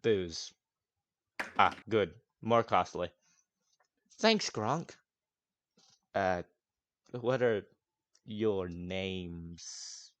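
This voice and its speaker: A man's voice: deep voice, expressive, drawn-out words, long pauses, fairly bright tone, full character voice. A man doing Brax, a sarcastic elf. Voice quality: sarcastic, swears often. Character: nervous, sarcastic elf man, grumpy and rude.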